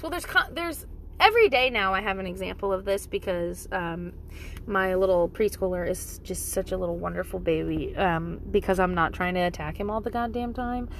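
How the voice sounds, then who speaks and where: Blunt mom, 30s, emphatic and profane, slightly high voice; faint background noise. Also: female voice, a bit bright. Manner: blunt, emphatic, swears freely. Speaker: mother giving parenting advice. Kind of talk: casual talk to camera.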